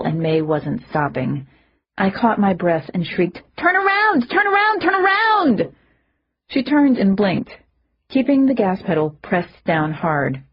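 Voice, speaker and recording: A woman reading a first-person audiobook, lively, rising in pitch when characters shout. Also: slightly rough. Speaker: audiobook narrator. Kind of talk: audiobook narration with character voices. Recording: muffled lo-fi audio.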